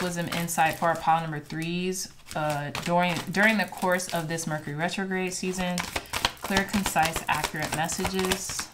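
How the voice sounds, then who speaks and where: A woman's voice: lowish voice, a bit bright, slight background noise. Earnest emotional woman tarot reader. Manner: earnest, emotional, addresses viewers as y'all. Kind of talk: pick-a-card tarot reading.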